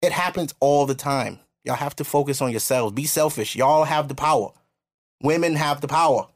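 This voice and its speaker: A young man hosting a podcast, talking bluntly and preaching in a loose, casual way. When he quotes other people, he mimics them in high, mocking voices. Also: moderate pace. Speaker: podcast host.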